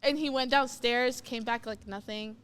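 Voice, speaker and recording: A woman's voice: a little high, steady tone, normal speed, a bit bright, slight background noise. A young woman co-hosting a youth podcast, telling a story in casual chat with many fillers and acting out what she heard. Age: young adult.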